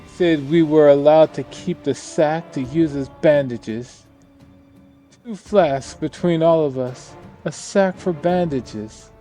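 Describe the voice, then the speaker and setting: A grieving survivor woman, read by a man in his own voice, recounts hardship in a subdued, somber tone. The delivery is slow and unhurried, and the voice is dark and mellow. Soft game music sits behind her. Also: a little high, pitched above the performer's own voice. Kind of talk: reading game dialogue aloud.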